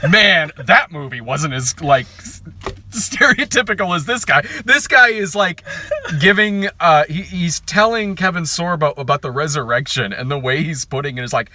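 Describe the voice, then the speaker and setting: A man's voice: on the high side, normal speed, no echo. A man co-hosting a movie review podcast, joking crudely in casual chat. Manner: animated, crude, jokey, many fillers. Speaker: podcast co-host, film reviewer.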